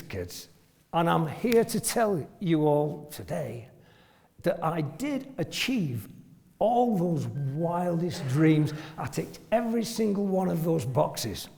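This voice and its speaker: A retired family doctor in his 70s from northern England tells self-deprecating, humorous stories to an audience, chuckling often. His voice is fairly high with vocal fry and a little mellow. A hall's long reverb trails his words.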